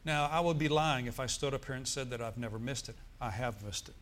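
A man's voice: medium pitch, brisk, fairly bright tone. A middle-aged male pastor preaching a sermon in a church, telling a story with emphatic bursts.

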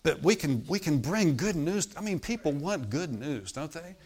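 A man's voice: a little high, sing-song, moderate pace, a little mellow, slightly rough. Man preaching, emphatic with "amen" calls. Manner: emphatic, repetitive, frequent "Amen?" calls to listeners. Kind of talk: sermon. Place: hotel meeting room.

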